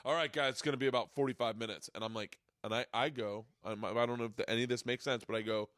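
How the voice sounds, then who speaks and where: A man hosting a podcast, telling a rambling, excitable story in casual chat. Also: mid-range voice, fast, dry recording, clean studio sound. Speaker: podcast host. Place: home studio.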